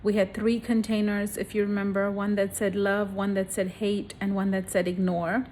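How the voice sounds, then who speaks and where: A woman's voice: mid-range voice, moderate pace, slight background noise. A woman, casually talking to the camera in a home video and showing things close up. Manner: expressive, shows jars close to the camera. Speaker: parenting vlogger.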